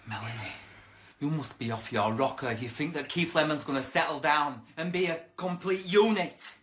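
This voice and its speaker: A man's voice: a little high, normal speed, fairly bright tone, husky. An actor playing a brash, boastful and crude young man in a comedy sketch, full of cheeky insults. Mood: chatty. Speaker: comic character.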